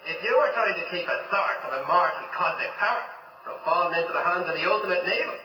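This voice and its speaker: A man's voice: high voice, fast, sharp tone, distant mic. An actor with an Irish accent playing a sly, wisecracking male ghost gatekeeper in a video game. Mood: teasing. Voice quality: mocking, teasing banter. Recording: roomy game audio, faint noise.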